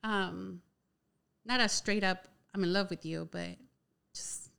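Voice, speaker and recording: Young woman guest, smooth clear voice, chatty storyteller who leans on "like" constantly. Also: mid-range voice, slow. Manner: chatty, heavy use of "like" filler, animated retelling. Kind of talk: casual personal storytelling.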